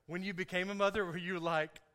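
A man's voice: high-pitched, fairly even intonation, a little fast, fairly bright tone. A man preaching a sermon, playful and chatty with his congregation, laughing often. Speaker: pastor. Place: church sanctuary. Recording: echoey hall.

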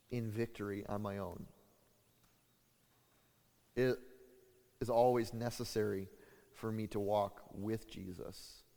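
A man preaching a sermon as pastor, halting and full of fillers and restarts, getting louder and higher when he acts out what people say. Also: clear, resonant tone. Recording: long hall reverb.

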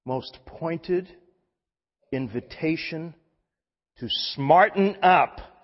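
Husky-voiced man preaching in an echoing hall. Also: mid-range voice. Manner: emphatic, with frequent restarts. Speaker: pastor. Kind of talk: sermon. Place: church hall. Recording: dull recording in a reverberant hall.

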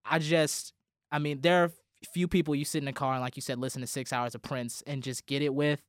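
Young male student broadcaster, sentimental farewell, smooth clear voice, dry studio sound. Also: medium pitch, fairly even intonation, brisk, no room sound. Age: young adult. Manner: rambling, heartfelt, with restarts and laughter. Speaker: college radio host. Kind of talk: emotional farewell speech on air.

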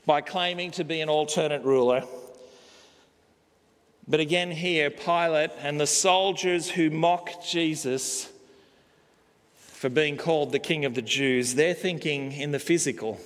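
Man, pastor, sermon, slightly high voice, emphatic pauses, long hall reverb. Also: a bit bright. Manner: slow, emphatic preaching with pauses.

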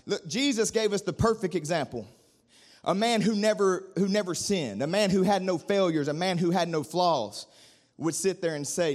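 Fervent high-voiced preacher. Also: male voice, normal speed. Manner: preaching with rising fervor, singsong cadence, drops to soft prayer. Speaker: pastor. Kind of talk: sermon.

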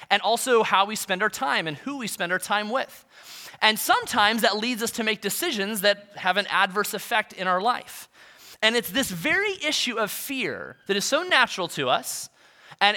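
A man's voice: extremely high pitch, pushed and bright. A young adult male pastor giving a sermon in a conversational, self-deprecating storytelling manner.

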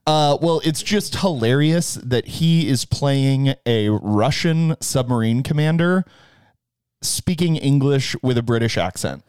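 A man's voice: medium pitch, animated, measured pace, darkish tone, clear, resonant tone, no room sound, studio quality. A man co-hosting a casual movie podcast, chatty and laughing often. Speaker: podcast co-host.

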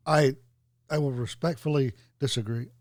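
A man's voice: mid-range voice, steady tone, moderate pace, no echo, studio quality. A man chatting casually on a podcast, rambling and joking through digressions. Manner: rambling, jokey, digressive storytelling.

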